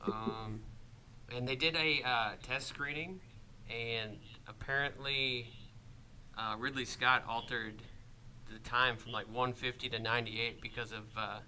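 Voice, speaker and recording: A man co-hosting a casual podcast, talking in a halting, stammering way. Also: medium pitch, fairly even intonation, sharp tone, a little hiss or hum. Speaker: podcast co-host.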